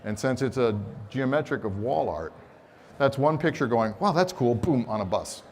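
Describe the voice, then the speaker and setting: A man's voice: medium pitch, moderate pace, slight background noise. A man giving a live photography seminar on a conference stage, telling stories with humor and acting out quotes. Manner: expressive storyteller, acts out quotes, teasing humor. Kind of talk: animated live seminar talk.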